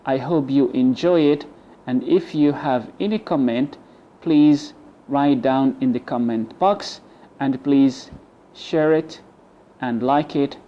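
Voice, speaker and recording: A man teaching English pronunciation, repeating model words slowly between explanations. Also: medium pitch. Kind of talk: pronunciation lesson. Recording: dull lo-fi sound.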